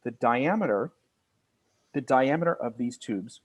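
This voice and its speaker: A man lecturing a university class, earnest and halting, with many fillers and restarts. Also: medium pitch, expressive, slightly rough, highs cut off.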